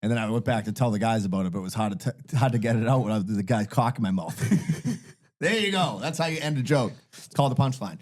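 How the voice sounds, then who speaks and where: A man's voice: medium pitch, animated, fast talker, a little mellow. Blunt, sarcastic man hosting a podcast. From Irish-American. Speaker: podcast host and singer-songwriter. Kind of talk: casual chat.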